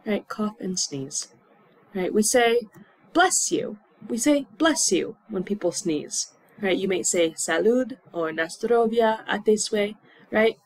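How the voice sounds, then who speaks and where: A woman teaching English to learners, repeating words slowly and acting out aches and symptoms with little groans. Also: mid-range voice, darkish tone, dry recording, low-quality recording. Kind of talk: slow classroom explanation.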